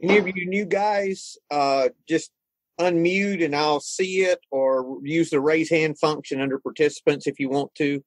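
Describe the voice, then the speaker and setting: Husky host leading a relaxed discussion. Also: male voice, on the high side, measured pace, dry recording. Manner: relaxed, conversational, laughs easily. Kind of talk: casual group discussion.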